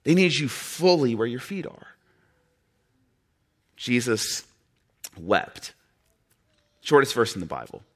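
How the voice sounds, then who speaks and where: A man preaching a sermon in an earnest way, with dramatic pauses and soft drops in his voice. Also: mid-range voice, sing-song, breathy edge.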